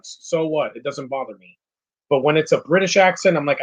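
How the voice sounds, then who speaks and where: A man's voice: on the high side, brisk, lo-fi sound, a little hiss or hum. A man giving casual, opinionated live commentary while watching a movie, rambling and restarting his sentences.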